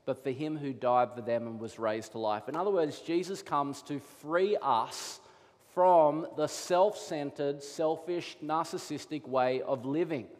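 A man preaching a sermon as pastor, telling stories with animated delivery and acting out his children's voices. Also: fairly high pitch, measured pace. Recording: long hall reverb.

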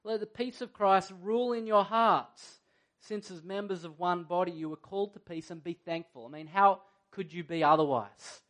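A man's voice: high-pitched, moderate pace, a bit bright. Earnest man preaching a sermon. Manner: earnest, conversational preaching with rhetorical questions. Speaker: pastor.

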